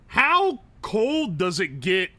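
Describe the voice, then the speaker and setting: A male streamer talks through a game live in a fairly high voice that jumps around a lot. His reactions are blunt, quick and sprinkled with swearing. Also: wildly swooping pitch, pushed and bright, no echo. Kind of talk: live-stream gameplay commentary.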